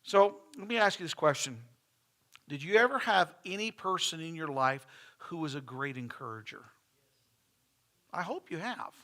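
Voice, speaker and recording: A middle-aged man preaches a sermon in a church, his voice pitched high and ringing bright. He talks in a folksy, conversational way, full of restarts and asides to the congregation. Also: lively intonation, normal speed, pauses often. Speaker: pastor. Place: church sanctuary.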